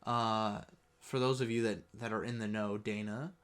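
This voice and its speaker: A man's voice: on the low side, fairly even intonation, normal speed, smooth. A young man co-hosting a podcast, chatting casually and swearing often. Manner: swears often, laughing asides. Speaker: podcast co-host. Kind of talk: casual chat.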